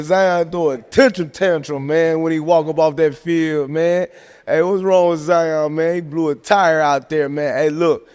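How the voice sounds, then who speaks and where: Dude riffing on ball, fast and jokey, slightly high voice, echoey hall sound. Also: male voice, clean tone. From American South. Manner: animated, joking, lots of "man" and "hey, look". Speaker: podcast host. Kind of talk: casual sports chat. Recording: long hall reverb.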